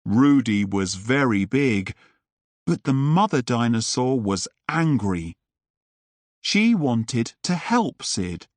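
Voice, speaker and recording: A man reading a simple story aloud for English learners, clear and deliberate. His delivery is extremely slow, with a lively, rising and falling melody. The sound is close and completely dry. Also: mid-range voice, no room sound. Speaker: English teacher narrator. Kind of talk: slow audiobook narration for learners.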